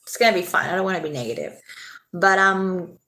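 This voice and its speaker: A woman's voice: lowish voice, animated, a little fast, bright, forceful tone. A woman hosting a casual late-night livestream, chatting with viewers, answering their comments and swearing freely.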